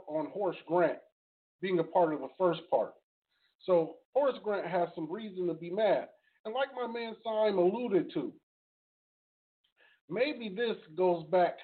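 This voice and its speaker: A man hosting a casual sports podcast, laid-back and slangy, introducing clips. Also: sits high. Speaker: podcast host. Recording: phone-like podcast audio.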